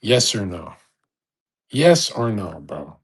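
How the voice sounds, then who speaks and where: Brash, husky young man ranting. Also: lowish voice, very animated, slow pace. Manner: profane, laughs often, brash and boastful. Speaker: streamer on a live audio chat. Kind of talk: casual rant.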